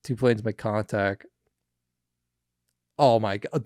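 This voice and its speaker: A man's voice: lowish voice, slow pace, dry recording, clean studio sound. A young man hosting a podcast, chatting casually about news clips, rambling and swearing with many fillers. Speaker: podcast host.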